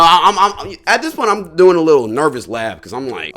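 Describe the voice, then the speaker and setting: A young man casually telling a funny story as a streamer, slangy and profane, jumping into high yelps of disbelief. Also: huge pitch swings, fairly quick, hardly any pauses, sharp tone, faint music behind.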